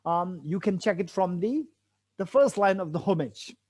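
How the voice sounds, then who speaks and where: A man gives a Buddhist teaching on a sutra commentary, patiently explaining the text, repeating key phrases, and posing rhetorical questions. His high voice is animated and a little mellow, at a moderate pace.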